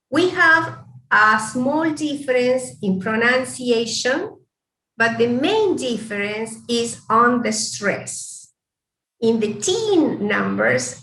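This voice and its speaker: A woman with an Argentine Spanish accent, a native Spanish speaker teaching English online, drilling words slowly and deliberately. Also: on the high side, a bit bright. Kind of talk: online language lesson. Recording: echoey room, distant mic.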